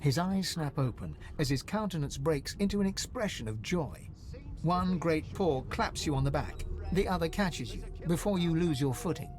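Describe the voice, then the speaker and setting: A man as an expressive game narrator. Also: fairly high pitch, soft background music, lightly acted. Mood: measured. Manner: measured, descriptive. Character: calm male storybook narrator.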